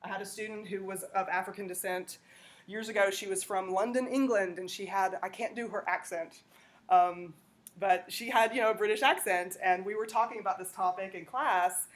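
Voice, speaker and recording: A woman's voice: mid-range voice, fairly even intonation, normal speed. A woman lecturing a classroom, talking conversationally and checking in with "okay?". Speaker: teacher.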